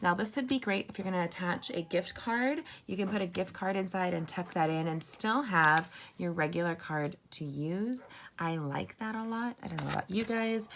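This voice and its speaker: A woman's voice: medium pitch, a little hiss or hum. A woman giving a chatty, upbeat card-making tutorial and talking straight to her viewers. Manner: chatty, upbeat, addresses viewers as "you guys" and "sisters". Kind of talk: casual crafting tutorial.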